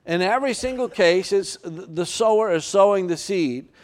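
Here the pastor sounds animated, his pitch sitting high as he preaches to his church. Earnest and filler-heavy, he alternates between slow scripture passages and rushed stretches.

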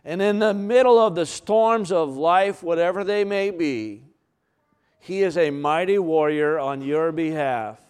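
This man preaches in a fairly high yet darkish-toned voice, smooth and resonant. He leans on repeated phrases and dramatic pauses to make his case, with the odd filler and restart along the way.

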